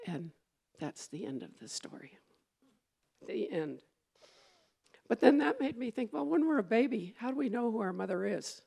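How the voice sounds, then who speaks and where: A woman's voice: fairly high pitch, very animated, moderate pace, creaky, pauses often, mellow, breathy edge. A woman minister giving a conversational sermon, meandering, with fillers and restarts as she goes.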